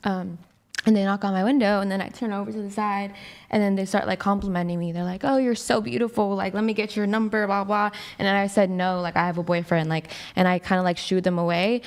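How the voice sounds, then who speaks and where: A young woman tells a personal story in a loose, rambling way, leaning on "like" in almost every phrase. She talks quickly, and her pitch sits in the middle range. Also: fairly even intonation. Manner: rambling, heavy use of "like". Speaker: guest. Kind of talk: casual storytelling.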